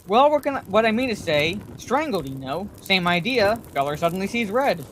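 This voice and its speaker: A woman voicing a rambling, blustering older man with a hoarse, wheezy voice, in a bedtime story reading. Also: mid-range voice, big pitch swings, moderate pace, a little hiss or hum, natural voice.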